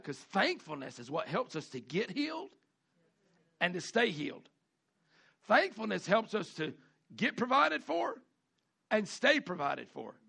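A male pastor preaching a sermon, animated, jumping between a loud delivery and mimicked whining voices. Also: vocal fry, breathy edge. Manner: animated preaching with dramatic pitch swings and mimicked complaining voices.

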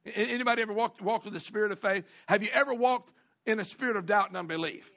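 Male pastor, high bright voice, folksy sermon delivery with call-and-response. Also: vocal fry. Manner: folksy preaching with call-outs, repeats and drawn-out emphasis.

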